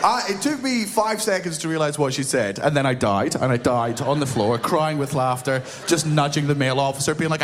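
A man's voice: on the high side, brisk, few pauses, noisy background. A young man doing stand-up storytelling, swearing freely and laughing as he acts out the voices in his tale. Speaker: stand-up comedian.

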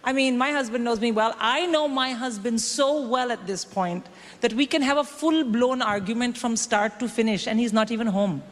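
A woman's voice: a little high, normal speed. Brash woman comic on a reverberant stage. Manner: brash, animated storytelling with acted-out quotes. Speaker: stand-up comedian. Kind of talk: stand-up comedy set. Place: comedy stage before a live audience. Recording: stage mic in a reverberant hall with audience noise.

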